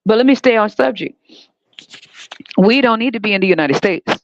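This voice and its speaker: A woman's voice: mid-range voice, animated, normal speed, a little hiss or hum. A woman hosting a podcast, giving a heated, sarcastic, profane monologue in a blunt manner. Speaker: podcast host. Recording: dull lo-fi dry recording.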